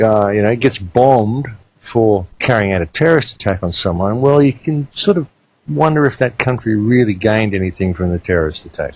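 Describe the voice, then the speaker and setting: An Australian-accented man hosts a talk radio show, speaking emphatically and calling his listeners "folks." His voice is on the low side with a darkish tone, and the recording sounds muffled.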